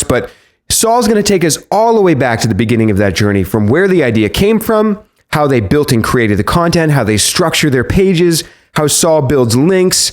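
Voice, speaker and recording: A man hosting a podcast, reading a lively, playful intro and then interviewing his guest. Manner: lively, playful, varies pitch for emphasis. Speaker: podcast host.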